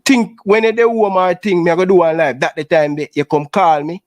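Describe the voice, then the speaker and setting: Aggrieved Jamaican man, high voice. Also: fairly even intonation, a little fast, no echo. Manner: aggrieved, repeats "brother" often. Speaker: YouTube show host. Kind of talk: heated casual chat.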